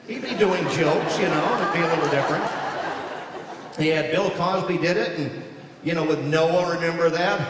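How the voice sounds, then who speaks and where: A man, a voice actor, giving a comedic speech to an audience, telling stories in an animated way and slipping into character voices. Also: on the high side, brisk. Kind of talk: comedic keynote speech with impressions. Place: large hall before an audience. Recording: echoey hall recording from far off, crowd noise.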